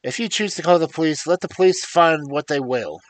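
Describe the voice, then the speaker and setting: A man's voice: fairly high pitch, brisk, no room sound, pitched above the performer's own voice, close to an everyday voice. A man doing a defiant proud young man. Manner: indignant, raised voice.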